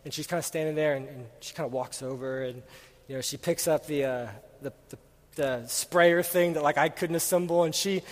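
Young male pastor, casual storyteller, slightly high voice, long hall reverb. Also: brisk. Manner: casual, rambling storyteller with many fillers; grows loud and animated while telling the story. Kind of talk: sermon with personal story.

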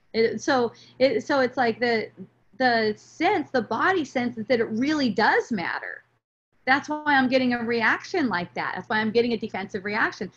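A woman's voice: fairly high pitch, a bit bright. Chatty middle-aged woman, lo-fi. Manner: rambling, many fillers and restarts. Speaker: spiritual podcast guest. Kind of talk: reflective spiritual talk. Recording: dull lo-fi recording.

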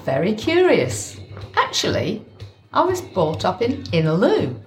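A woman's voice: fairly low pitch, wildly swooping pitch, measured pace, a little mellow. A woman playing a polite, apologetic mother on stage. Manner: polite and pleading. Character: polite middle-aged mother, weary and apologetic. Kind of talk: stage play acting. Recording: echoey stage with music.

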